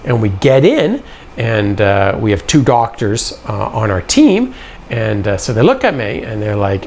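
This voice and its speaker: A man with a gravelly voice telling a personal story casually, acting out the dialogue as he goes. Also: mid-range voice, normal speed, a little hiss or hum. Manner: animated, acts out quoted dialogue.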